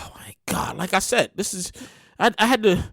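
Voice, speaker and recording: A woman podcast host giving comedic news commentary in an animated, exclaiming way, often repeating herself. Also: mid-range voice, normal speed, gravelly, dry recording.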